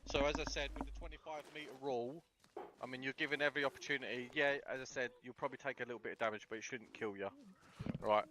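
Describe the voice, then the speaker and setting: A man's voice: medium pitch, fairly even intonation, fast talker, background noise. A man leading a casual tactical briefing, blunt and sweary, acting out example dialogue. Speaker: instructor.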